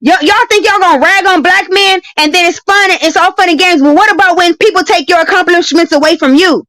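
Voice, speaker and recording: Heated, profane high-voiced woman arguing. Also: brisk, fairly bright tone, no room sound, rough recording. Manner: confrontational, profane, emphatic repetition. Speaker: debating guest. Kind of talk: heated live-stream argument.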